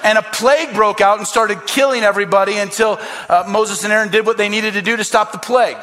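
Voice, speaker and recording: A man's voice: high voice, fairly even intonation, quick pace, bright, forceful tone. A man preaching a sermon as pastor, emphatic and repetitive, acting out quoted voices.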